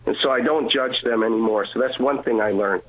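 A man telling his personal testimony as a guest, earnest and animated, acting out the quotes. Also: medium pitch, a little fast. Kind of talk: personal testimony on a call-in show. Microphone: phone. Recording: tinny phone line.

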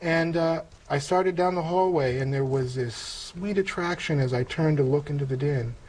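A man's voice: fairly high pitch, darkish tone, low-quality recording. Earnest older man telling his story. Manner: earnest, reflective storytelling with halting restarts and quoted dialogue. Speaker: interview guest telling a conversion story. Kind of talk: personal testimony in conversation.

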